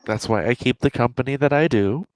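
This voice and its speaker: A man hosting a casual livestream chat as author and editor, laughing often and filling pauses with "uh". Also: mid-range voice, a little mellow, dry recording. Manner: laughs often, many fillers.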